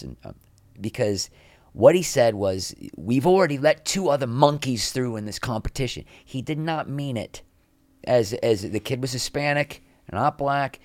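A middle-aged man telling anecdotes in a casual interview as a podcast guest, lively, with quick asides. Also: medium pitch, no room sound. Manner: animated anecdotes, quick asides, acts out quoted people.

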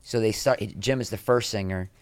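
A man's voice: lowish voice, moderate pace, clear, resonant tone. A man as an interview guest, telling candid backstage stories in a rambling way and jumping into raised voices to act out the people he quotes. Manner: rambling, frequent restarts. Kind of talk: candid anecdotal storytelling.

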